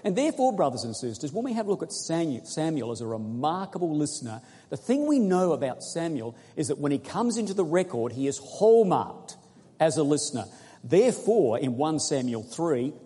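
A man preaching a sermon, quizzing his congregation and reading scripture slowly and earnestly. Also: fairly high pitch, sing-song, dark tone, husky. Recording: echoey hall recording.

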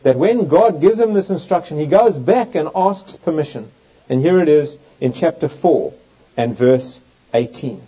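A man preaches through a Bible passage, reading the old verses aloud with strong, rising emphasis. His voice sits fairly high and sounds mellow and warm. The recording is dull and lo-fi. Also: expressive, unhurried, slightly rough. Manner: reads scripture aloud with emphatic, swooping delivery. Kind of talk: Bible teaching sermon. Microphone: overhead projector in use, lecture setting.

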